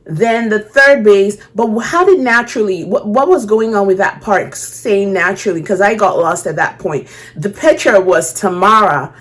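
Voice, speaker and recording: A woman's voice: mid-range voice, moderate pace, hardly any pauses. A woman hosting a reaction video, chatting casually and thinking aloud with frequent restarts.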